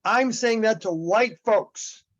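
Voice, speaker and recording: Man, high voice, emphatic activist on a muffled lo-fi call, stumbles and restarts. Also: takes it slowly. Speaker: activist in a group discussion. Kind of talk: impassioned group discussion.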